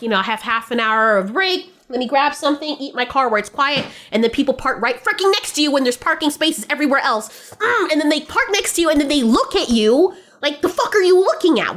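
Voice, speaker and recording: A woman with a high voice gives reaction commentary. Her pitch swings widely as she rants in an animated way. She swears and laughs freely. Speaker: reaction video host.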